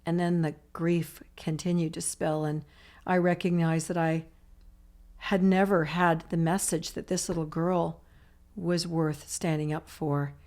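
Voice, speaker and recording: Low-voiced woman telling a raw recovery story. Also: darkish tone. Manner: emotional, run-on storytelling with many "I'm like" asides. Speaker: author and recovery guest. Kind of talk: personal recovery story in conversation.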